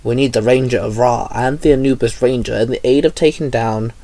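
A man voicing a solemn male knight who speaks in a formal, measured way in a storybook reading. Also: mid-range voice, fairly even intonation, warm tone, dry recording, close to an everyday voice. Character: solemn male knight, the Silver Morphing Master.

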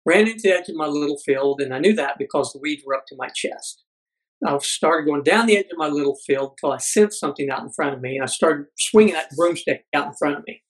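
A man's voice: a little high, poor audio. Earnest man telling a hard story. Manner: earnest, halting storyteller with many "you know" fillers. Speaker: guest. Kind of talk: storytelling in a podcast interview.

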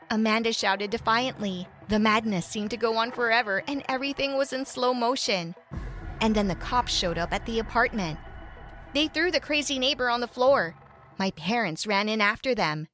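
A woman's voice: a little high, moderate pace. Young-sounding woman narrating a story. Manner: animated, voices characters in quotes. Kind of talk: first-person story narration. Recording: soft music behind.

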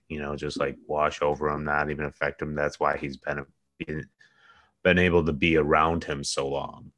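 Very deep-voiced man in dry joking chat. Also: no echo. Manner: rambling, joking, trails off quietly. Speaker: podcast co-host. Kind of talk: casual comedic chat.

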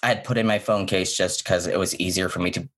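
Giggly low-voiced man telling a story. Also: quick pace. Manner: animated and giggly, laughs mid-sentence; rambling with many fillers and restarts. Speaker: podcast guest. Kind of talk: storytelling on a comedy podcast.

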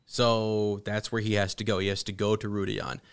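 A man hosting a casual book podcast, chatting in a rambling, halting way with many restarts. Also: fairly low pitch, level tone, clear, resonant tone. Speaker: podcast host. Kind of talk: casual book discussion with read-aloud passages.

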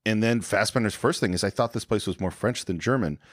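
A man's voice: on the low side, brisk, dry recording, clean studio sound. A man co-hosting a film podcast, casually retelling a movie scene by scene and briefly acting out the characters' lines. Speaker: podcast co-host.

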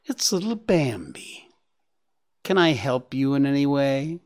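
A man's voice: mid-range voice, sing-song, measured pace. A man voicing Ronno, a limping older male stag who talks with mocking contempt, in an audiobook reading. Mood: mock polite. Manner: mocking, condescending.

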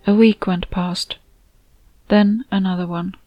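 A woman reading her own story aloud in a measured, steady storytelling voice. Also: mid-range voice, muffled recording, soft background music. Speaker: author and narrator. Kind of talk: audiobook narration.

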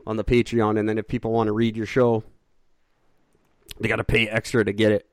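A man co-hosting a podcast in casual chat, joking and riffing with quick put-on voices and swearing. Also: on the low side, flat delivery, dry recording, studio quality. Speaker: podcast co-host.

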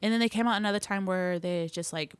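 A woman's voice: mid-range voice, fast, smooth, no echo. A young woman, an actor, telling a casual story in an interview with lots of fillers. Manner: chatty, filler-heavy, laughing storyteller. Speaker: actor guest.

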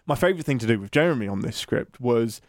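A man's voice: medium pitch, animated, fast, dry recording, clean studio sound. A man with an English accent, chatting enthusiastically as a podcast co-host and laughing often. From England. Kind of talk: casual chat.

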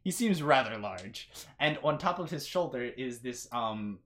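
A woman's voice: extremely low pitch, animated, a little slow. A woman narrating as game master in a tabletop game, rambling with many ums and likes.

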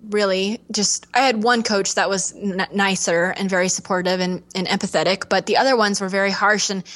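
A young woman talking openly as a podcast guest, earnest and animated, often acting out what others said to her. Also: mid-range voice, brisk. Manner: earnest, animated, acts out quoted voices. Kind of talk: candid podcast interview.

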